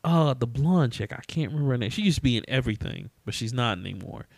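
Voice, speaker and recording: A man co-hosting a podcast in casual chat, animated and quick to laugh as he rants about bad movies. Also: mid-range voice, gravelly, dry recording, clean studio sound. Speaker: podcast co-host.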